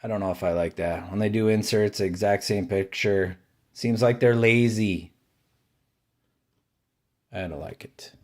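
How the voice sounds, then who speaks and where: Guy ripping card packs, slow and easygoing, reads off each card, gets excited at good pulls. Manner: unhurried, listing cards one by one, dry opinions; brightens and rises in pitch over favorite-team pulls. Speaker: card-collecting channel host. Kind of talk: casual pack-opening commentary.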